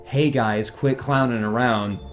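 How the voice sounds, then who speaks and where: A man in a middle-pitched voice riffs loosely over gameplay, animated and rambling, swearing freely and laughing along the way. Faint game music plays quietly behind him. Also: measured pace. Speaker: let's play co-host. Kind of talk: casual chat over gameplay.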